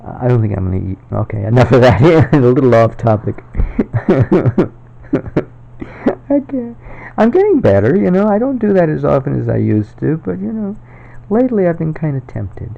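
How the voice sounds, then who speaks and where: A man with a gravelly, dark voice that swings through a lively pitch range as he rambles casually at home and chuckles often. The recording is dull and lo-fi. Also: moderate pace, long pauses. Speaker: video maker.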